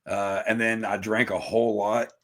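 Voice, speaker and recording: A man's voice: fairly low pitch, little pitch movement, moderate pace, a crowd in the background. A man, chatting on a podcast in a rambling, profane and self-mocking way. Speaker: podcast guest, musician. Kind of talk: casual podcast chat.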